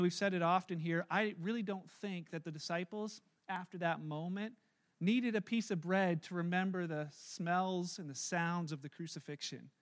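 A male pastor preaching a sermon, telling the story in a lively way that slows and softens at solemn moments. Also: sits high. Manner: animated, then slow and hushed.

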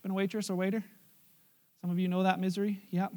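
A pastor preaching a sermon, telling a story with animated acted-out dialogue. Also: male voice, high voice, fast. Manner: animated storytelling, acts out diners and waiters.

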